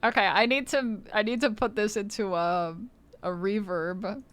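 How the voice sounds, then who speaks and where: A woman's voice: medium pitch, fairly even intonation, a little slow, a bit bright. A woman streamer in casual livestream chat, playful, swearing freely and laughing often, on a close mic.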